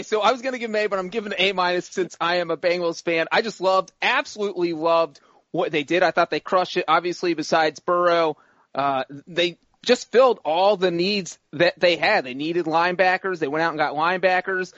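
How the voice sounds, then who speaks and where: On a sports podcast, this co-host and grader has a high-sitting, slightly bright voice. Playful and rambling, he lays out his picks and is quick to defend himself, all captured in dull audio without any echo.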